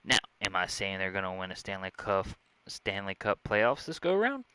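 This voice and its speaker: A man's voice: low voice, big pitch swings, moderate pace, sharp tone, slight background noise. A man with a Southern US accent, hosting his own vlog and chatting casually to camera in a joking, rambling way. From Southern United States. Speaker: vlog host. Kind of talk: casual sports chat to camera. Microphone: own desk microphone.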